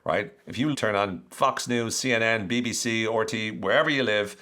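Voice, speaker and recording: Lively man explaining to listeners. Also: lowish voice, moderate pace. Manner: conversational, animated, asks rhetorical questions. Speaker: podcast host. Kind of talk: explanatory educational talk.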